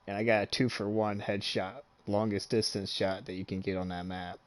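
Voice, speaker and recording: A young man, a gaming streamer, telling a long story in casual chat, swearing freely and laughing often as he gets animated. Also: on the low side, normal speed.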